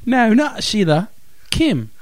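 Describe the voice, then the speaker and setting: Goofy male radio co-host, lively. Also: high voice, slow, dry recording, clean studio sound. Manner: goofy, hams up Aussie slang. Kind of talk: joking on-air banter.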